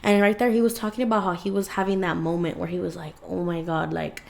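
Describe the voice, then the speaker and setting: A woman's voice: medium pitch, quick pace, creaky. A young woman co-hosting a podcast in casual chat, talking chattily with lots of fillers. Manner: chatty, many "like"s, emotional retelling. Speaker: podcast co-host.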